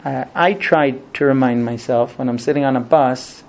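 A man's voice: medium pitch, fairly even intonation, moderate pace. A man giving a Bible lesson, telling the story animatedly and acting out quotes. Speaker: Torah teacher.

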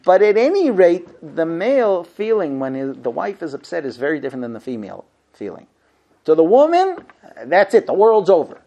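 Animated male lecturer, lively pitch. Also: a little fast, dull audio. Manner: animated, acts out dialogues, rhetorical questions. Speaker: rabbi lecturing on marriage.

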